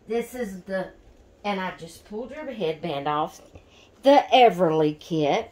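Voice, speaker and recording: A woman, chatting in a casual vlog about her dolls, emotional and rambling, often correcting herself. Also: medium pitch. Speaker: doll collector vlogger.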